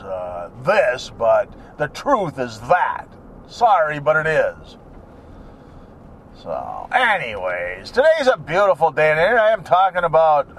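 A man's voice: on the high side, a little hiss or hum. Guy riffing crude jokes to himself, chuckling a lot, voice jumps all over the place. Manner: crude, joking, chuckling, wandering asides. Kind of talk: rambling casual monologue.

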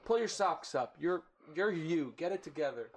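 A man's voice: a little high, moderate pace. Guy chatting loose and jokey, swears a lot, voice jumps around a bunch. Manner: animated, swears freely, jokey. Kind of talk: casual chat, guessing game.

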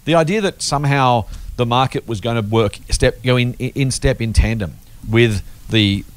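A man, hosting a casual investing podcast chat, emphatic and lively. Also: mid-range voice, smooth. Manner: animated, emphatic, quick-talking. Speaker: podcast host.

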